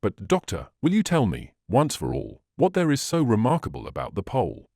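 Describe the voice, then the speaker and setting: A man's voice: on the low side, huge pitch swings, brisk, darkish tone, no room sound, clean studio sound, heavily acted. A man reading the part of a plain-spoken sailor asking questions. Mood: curious.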